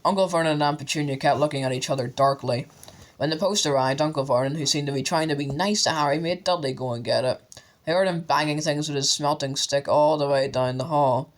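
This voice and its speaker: A man's voice: fairly high pitch, brisk. Man narrating an audiobook. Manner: steady storytelling.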